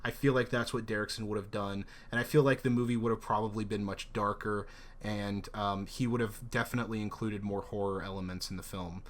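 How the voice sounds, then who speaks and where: A man co-hosting a casual film discussion, talking excitedly with many restarts and false starts. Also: on the low side, brisk, slight background noise. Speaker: podcast co-host.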